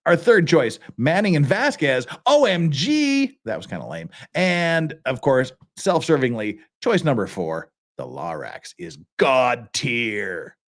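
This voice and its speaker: A male livestream host talking off the cuff in a casual, rambling way. His pitch swings widely as he grumbles and waves things off with dismissive, self-mocking asides. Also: wildly swooping pitch, slow pace, few pauses.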